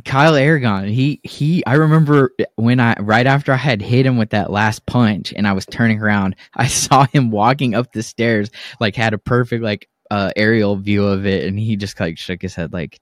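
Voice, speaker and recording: A man's voice: lowish voice, moderate pace, hardly any pauses, no echo, studio quality. Profane young man telling stories. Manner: profane, animated storytelling with acted-out quotes. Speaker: podcast co-host. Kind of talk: casual storytelling chat.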